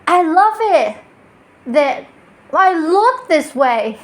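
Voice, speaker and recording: Slow, high-voiced woman musing to her phone. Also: very animated. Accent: non-native English accent. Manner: reflective, restarts often, laughs at herself. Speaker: spiritual vlogger. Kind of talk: casual self-help monologue. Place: sitting on her bed.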